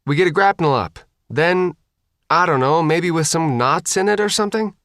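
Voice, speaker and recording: A woman's voice: deep voice, normal speed, no room sound, studio quality, pitched above the performer's own voice, lightly acted. A man reading an audiobook voices a frantic young woman boat captain who swears and panics. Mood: flustered.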